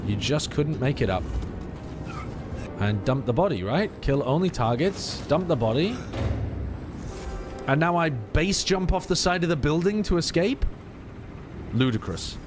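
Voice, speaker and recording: A man's voice: a little high, a little slow, pauses often, noisy background. A man streaming a game, joking and swearing as he comments to his chat. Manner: animated, swearing, mocking commentary. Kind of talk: casual gaming stream chat. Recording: game music underneath.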